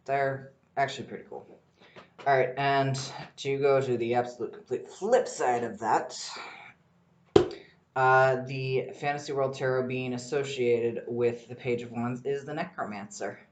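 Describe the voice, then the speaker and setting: Rambling, excitable man in an echoey room. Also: medium pitch, a little slow, a little hiss or hum. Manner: rambling and excitable, swears freely. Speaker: podcast host. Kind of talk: casual solo podcast monologue.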